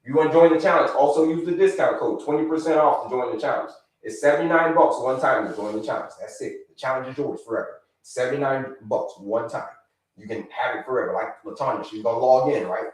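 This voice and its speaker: A man hosting a live health stream, talking with viewers in an energetic, repetitive way and giving them shout-outs. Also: medium pitch, fairly quick, distant mic. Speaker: livestream host, health coach. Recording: echoey room, away from the mic.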